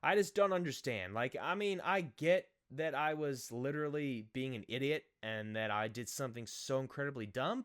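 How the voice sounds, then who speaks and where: Speaking straight to the camera, a young male vlogger tells a childhood story in a casual, lively way. His voice is a bit higher than most men's, and he's animated and self-mocking, laughing at himself while acting out what the others said.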